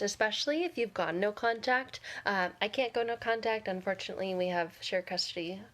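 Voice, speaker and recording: A woman's voice: medium pitch, a little fast, a bit bright. Candid, sarcastic woman vlogger. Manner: candid, sarcastic, laughs often. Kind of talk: casual talk to camera.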